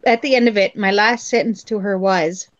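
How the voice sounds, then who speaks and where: A woman from Newfoundland, Canada, with a faint local accent, tells stories in a casual group chat and laughs a lot. Her voice is medium-pitched at a normal speed, and the recording sounds muffled.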